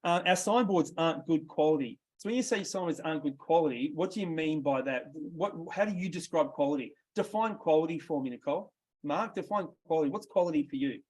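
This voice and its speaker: A man's voice: fairly high pitch, a little fast, darkish tone. A man with an Australian accent coaching a sales workshop, direct and quizzing his group as he goes. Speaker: sales trainer.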